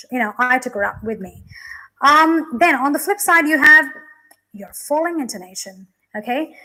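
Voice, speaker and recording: A woman's voice: high voice, bright, forceful tone, low-quality recording. A young woman teacher explaining English grammar in a classroom lesson, with frequent "okay" and "you know" fillers.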